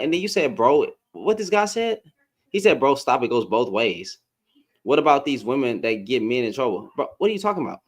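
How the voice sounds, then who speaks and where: Male streamer, confrontational, lively swings in pitch, mid-range voice. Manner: animated, confrontational, slangy. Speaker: live-stream host. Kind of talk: heated casual rant.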